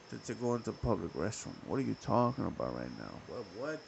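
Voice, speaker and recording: Gravelly young man telling a story. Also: mid-range voice, fairly quick, a little hiss or hum, rough recording. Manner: profane, rambling, animated. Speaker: podcast host. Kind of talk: casual storytelling.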